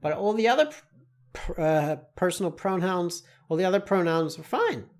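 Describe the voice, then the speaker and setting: A man teaching an online English lesson, explaining slowly and deliberately with many spoken examples. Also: high voice, sing-song.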